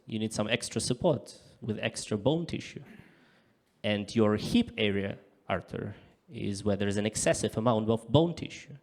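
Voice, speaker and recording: Man doing live stand-up. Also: fairly low pitch. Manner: deadpan punchlines with sudden loud acted-out voices. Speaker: stand-up comedian. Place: comedy club stage in front of a live audience.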